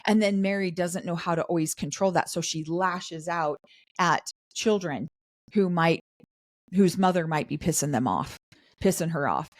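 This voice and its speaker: A middle-aged woman co-hosting a podcast, chatting casually about a show and acting out the cast's lines in quick asides. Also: fairly low pitch, no echo, studio quality. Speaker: podcast co-host. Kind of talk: casual recap chat.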